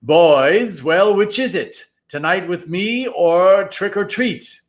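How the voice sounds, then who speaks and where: A man voicing a mysterious, commanding man in a storybook reading, speaking slowly and drawn out. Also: fairly high pitch, animated, sharp tone, full character voice. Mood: calling out.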